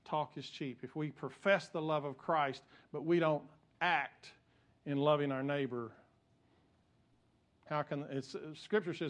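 A man's voice: a little high, fairly even intonation, measured pace, long pauses. A male pastor, preaching a sermon in a conversational way that builds to emphatic peaks.

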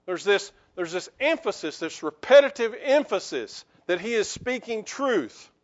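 High-voiced man preaching slowly. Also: lo-fi sound. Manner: lively, joking with the congregation. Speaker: pastor. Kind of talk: sermon. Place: church.

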